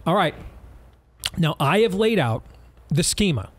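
High-voiced man hosting a talk show. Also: big pitch swings. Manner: emphatic, rapid-fire, sarcastic riffs. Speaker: radio show host.

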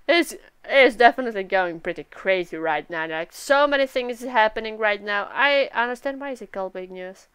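A woman's voice: a little high, animated, brisk, hardly any pauses, a bit bright, clean tone, dry recording. A woman casually reacting to a manga chapter live, giggling often and swearing freely as she reads aloud. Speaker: anime reaction video host.

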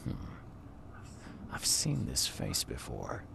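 A world-weary video game investigator with a very deep, rough, gravelly voice. His delivery is dry and brooding, and the game audio carries a noticeable hiss. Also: wildly swooping pitch, slow, a bit bright, exaggerated voice.

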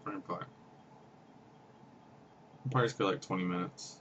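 A man's voice: low-pitched, moderate pace, a bit bright. A man casually muttering commentary and chanting little hype lines while he plays online poker. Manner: mumbled asides, half-sung hype chants. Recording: dull lo-fi audio, faint room noise.

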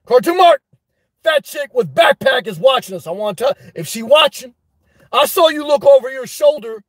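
A man hosting a live stream, reading chat and telling a story in a loud, animated way, swearing often. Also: very high-pitched, moderate pace, no echo. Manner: animated, loud, swears a lot, repeats himself. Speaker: livestream host reading chat. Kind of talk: casual livestream rant.

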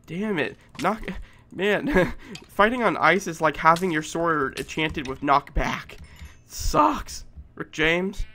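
A man giving let's play commentary, excitable and profane, shouting at game monsters. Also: fairly high pitch, slow. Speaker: gameplay commentator.

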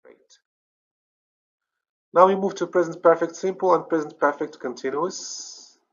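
A man's voice: on the high side, unhurried, a bit bright. Moroccan man teaching grammar, lo-fi. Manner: explains step by step, checks understanding with "okay?", corrects himself. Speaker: English teacher. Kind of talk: recorded grammar lesson.

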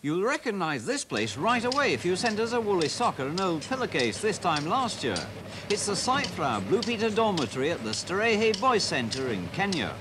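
A man presenting a children's TV show, telling the story in a bright, lively voice-over. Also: high voice, normal speed, noisy background. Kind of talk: scripted voice-over narration.

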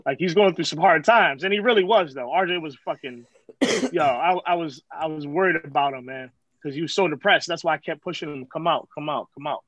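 High-voiced, slangy storytelling guy. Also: dry recording, lo-fi sound. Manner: profane, slangy, animated. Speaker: storyteller host. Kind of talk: casual storytelling.

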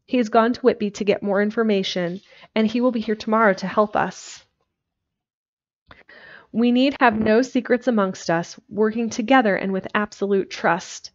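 A woman's voice: mid-range voice, moderate pace, lightly acted. A woman voicing an earnest, brave young Victorian wife, speaking in a pleading way over a dull lo-fi recording.

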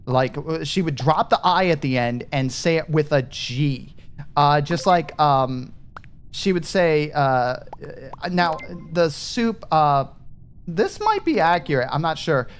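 A man's voice: a little high, animated, slow pace, slight background noise. A man casually commenting on a party game with friends, rambling and thinking aloud as he plays. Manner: rambling, thinks aloud, trails off mid-thought. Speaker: gaming streamer.

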